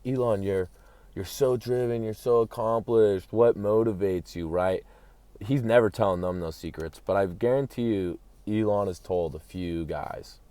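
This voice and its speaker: A man with a fairly low voice delivers a manic, profane comedy rant, rambling from thought to thought and speaking of himself in the third person. The sound is dry and close, with no room around it. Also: dark tone, dry recording. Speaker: comedic commentator.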